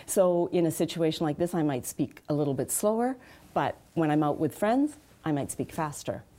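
A woman with a low, mellow voice explains how speech is taught, steady and practical. She talks in a measured way, pausing on fillers as she works through each point. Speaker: accent and speech specialist. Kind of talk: interview answers, explanatory.

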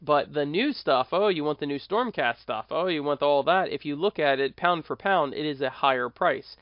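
A man's voice: on the high side, animated, moderate pace, no room sound, dull audio. Chatty American man hosting a podcast. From United States. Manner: rambling, self-correcting, conversational. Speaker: podcast host. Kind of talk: casual monologue podcast.

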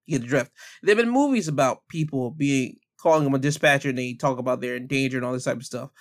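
A man's voice: mid-range voice, fast talker, dry recording, studio quality. A man giving a blunt, heated opinion rant as a commentator, speaking emphatically.

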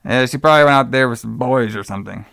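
A podcast co-host with a mid-range, creaky, slightly bright voice talks quickly, and the dry recording is clean. In casual chat he loosely retells a horror film, rambling, swearing freely and acting out the characters' lines.

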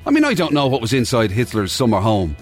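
A man's voice: medium pitch, huge pitch swings, fast, faint music behind. A man co-hosting a radio chat show, talking in a wry, rambling, conversational way. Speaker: radio co-host. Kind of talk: casual chat.

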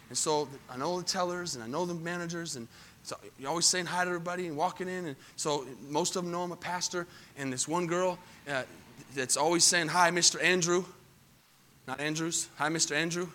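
A male pastor preaching with a high, bright, cutting voice. He drops to a hushed storytelling tone, then surges into loud, emphatic preaching, turning often to the congregation with questions. A faint hum of room noise sits behind him. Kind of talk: sermon.

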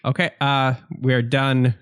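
A man's voice: mid-range voice, level tone, measured pace, a bit bright, smooth, no echo. Teasing man co-hosting a podcast, dry sound. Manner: jokey, teasing banter. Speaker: podcast co-host. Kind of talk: casual podcast chat.

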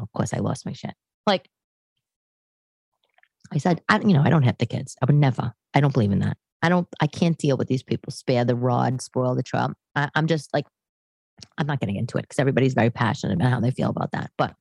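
A woman's voice: extremely low pitch, lively intonation, fast talker, vocal fry, darkish tone, slightly rough, dry recording. A woman in her thirties from New York, chatting at home to camera in a rambling, self-deprecating way. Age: 30s. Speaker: podcast host. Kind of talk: casual monologue to camera. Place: her living room. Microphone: camera setup at home.

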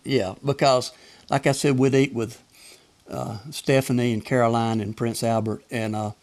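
With a slightly mellow, medium-pitched voice that barely rises or falls, an older man talks at a moderate pace. He's a Southern Alabama-accented former tennis umpire, a guest chuckling through folksy anecdotes in casual conversation.

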